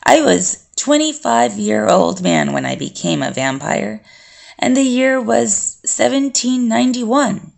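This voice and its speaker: A calm, brooding male vampire, read by a woman, remembering his past in a measured, collected way. The voice has a gravelly fry and moves slowly through each line. It is an audiobook reading. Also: a little high, heavily acted. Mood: reflective.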